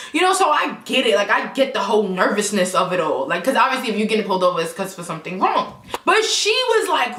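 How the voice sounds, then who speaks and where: A young woman telling a casual storytime vlog, animated and profane, full of asides to her viewers. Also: a little high. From New York, Brooklyn. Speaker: vlogger. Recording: echoey room.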